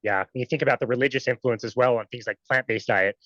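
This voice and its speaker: A podcast host talks quickly and eagerly, steering a casual conversation with a guest. The sound is dull and lo-fi, close and dry with no room echo. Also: mid-range voice, a bit bright. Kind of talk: casual interview chat.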